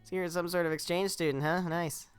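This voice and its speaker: A man's voice: fairly high pitch, fairly even intonation, brisk, smooth, dry recording, soft background music, pitched above the performer's own voice, close to an everyday voice. A man reading the lines of a friendly, chatty young woman photographer in a video game, in an upbeat manner.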